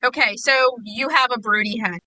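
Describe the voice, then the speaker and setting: Bright, higher-voiced woman co-host, lively and playful, casual podcast chat. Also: moderate pace, poor audio. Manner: animated, acts out hens' thoughts.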